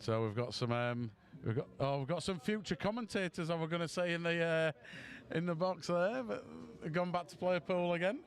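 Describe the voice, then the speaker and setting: A man's voice: on the high side, moderate pace, hardly any pauses. A man, tipsy, giving rambling, self-mocking commentary on a pool match stream.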